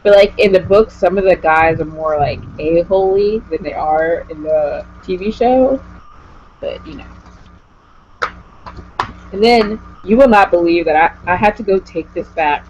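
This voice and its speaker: A woman's voice: fairly low pitch, unhurried, darkish tone, slight background noise. Gushy rambling woman vlogger, lo-fi audio. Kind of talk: casual chat with a guest. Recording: dull lo-fi home recording.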